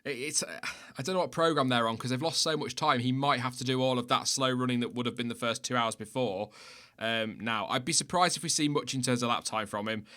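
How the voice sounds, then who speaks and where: A British man hosts a casual livestream chat at an ordinary middle pitch. He talks in a loose, rambling way, pokes fun at himself and breaks into laughs often. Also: a little fast, bright, forceful tone. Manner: chatty and self-mocking, laughs often. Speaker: livestream host.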